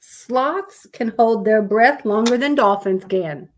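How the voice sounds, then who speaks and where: A woman's voice: fairly high pitch, slow pace, slight background noise. A woman, chatting casually on a live stream, reading out fun facts to viewers in a rambling, sleepy way. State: sleepy, yawning.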